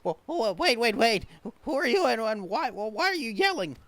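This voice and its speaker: A man's voice: very high voice, big pitch swings, fairly quick, fairly bright tone, no room sound, pitched above the performer's own voice, exaggerated voice. A man voicing a small, prim male catfish creature who speaks in a formal, fussy way. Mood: flustered.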